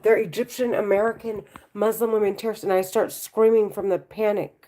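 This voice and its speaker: A woman talking to the camera at home, halting and repetitive, often restarting her sentences. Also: mid-range voice, steady tone, dark tone. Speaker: vlogger.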